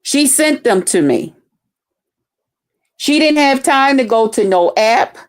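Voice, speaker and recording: A woman's voice: high-pitched, expressive, takes it slowly. A middle-aged woman, telling a heated, profane story on her stream and acting out other people's voices. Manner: profane, blunt, acts out quoted voices. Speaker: streamer responding to a rival.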